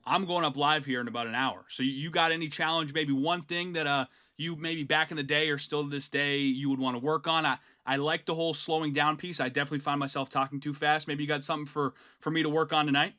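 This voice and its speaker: Enthusiastic, fast-talking male podcast host with a bright, forceful voice. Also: a little high, steady tone. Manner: enthusiastic, affirming. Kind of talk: casual interview chat.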